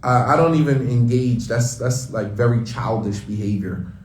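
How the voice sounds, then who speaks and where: A man's voice: medium pitch, moderate pace, darkish tone. Male imam, conversational and emphatic, distant mic with room echo. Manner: conversational, emphatic, repeats phrases. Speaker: imam giving a morning reminder. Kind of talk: casual religious talk. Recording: roomy sound, mic at a distance.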